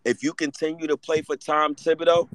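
A man's voice: fairly high pitch, level tone, brisk, dry recording, rough recording. A man in his thirties, hosting a casual sports talk show and ranting with lots of profanity. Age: 30s. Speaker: host.

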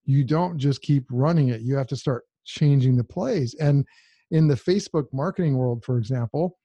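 A man's voice: mid-range voice, moderate pace, warm tone, breathy edge, dry recording, highs cut off. A man co-hosting a podcast, talking in a direct, emphatic, casual way. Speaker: podcast co-host.

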